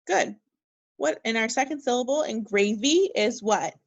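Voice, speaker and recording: A woman teaching a second grade phonics lesson, speaking slowly and encouragingly and spelling words out letter by letter. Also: fairly high pitch, dry recording, muffled recording. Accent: Minnesota. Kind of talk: recorded remote phonics lesson.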